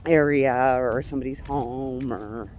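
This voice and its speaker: A woman's voice: extremely low pitch, slow pace, dark tone. A woman from Colorado, chatting casually in a walking vlog outdoors on a residential street, laughing often and cursing now and then. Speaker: vlogger. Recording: faint street noise outdoors. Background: passing traffic.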